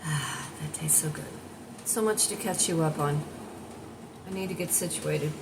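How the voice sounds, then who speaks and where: A woman's voice: low voice, unhurried, creaky, noisy background. A woman in her sixties chatting casually to her viewers at home in a rambling, direct way. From United States. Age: 60s. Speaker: vlogger and life coach. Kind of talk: casual morning chat to camera.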